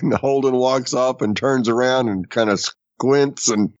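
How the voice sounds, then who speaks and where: A man's voice: mid-range voice, steady tone, unhurried, no echo, highs cut off. A man co-hosting a casual chat, laid-back and chiming in with short agreements. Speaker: podcast co-host.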